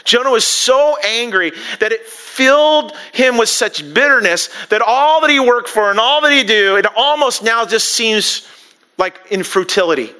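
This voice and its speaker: High, bright-voiced man preaching. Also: unhurried, smooth. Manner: animated preaching, acts out quotes with rising pitch. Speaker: pastor. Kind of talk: sermon.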